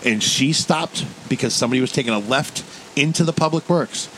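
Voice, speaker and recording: A man's voice: mid-range voice, brisk, low-quality recording. A man telling a story in casual chat, swearing freely and acting out the people in it. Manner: profane, animated storyteller. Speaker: co-host. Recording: faint background noise.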